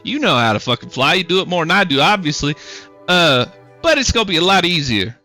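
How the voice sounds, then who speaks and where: A man's voice: on the high side, big pitch swings, fairly quick, sharp tone, faint music behind, pitched above the performer's own voice. A man voicing a chatty, easygoing local truck driver who rambles and apologizes in a folksy way.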